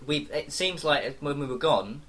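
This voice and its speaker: A man from England co-hosting a comedy podcast, spinning absurd stories in a deadpan, rambling way. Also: a little high, moderate pace. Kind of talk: deadpan comic banter.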